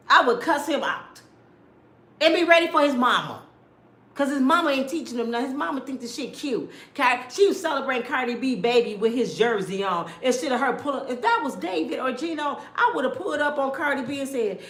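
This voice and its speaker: Woman, middle-aged, sassy gossip commentary, lively swooping pitch, echoey room. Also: brisk. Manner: loud, sassy, rants with acted-out quotes. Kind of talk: casual celebrity gossip commentary.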